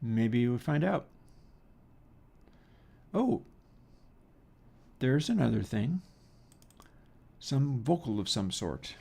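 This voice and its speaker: Gravelly-voiced man musing on a stream. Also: mid-range voice, big pitch swings, drawn-out words, pauses often, warm tone. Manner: musing, self-deprecating, chuckling asides. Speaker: stream host. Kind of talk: casual livestream chat while mixing audio.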